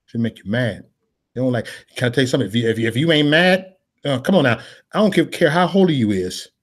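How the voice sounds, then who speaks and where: A man delivering a preachy, freewheeling monologue, repeating his phrases in a sermon-like cadence and mixing in casual slang, swinging from loud declarations to mumbled asides. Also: medium pitch, lively intonation, fast. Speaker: political vlogger. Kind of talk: preachy live-stream monologue.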